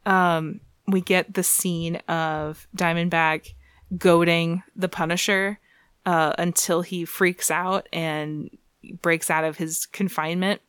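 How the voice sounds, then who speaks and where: A woman co-hosting a podcast, retelling a story in loose, laughing chat. She swears freely and drops joking asides. Her voice sits a little low and the sound is dry and close. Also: level tone, slow pace, a bit bright, smooth, no room sound. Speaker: podcast co-host. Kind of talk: casual recap chat.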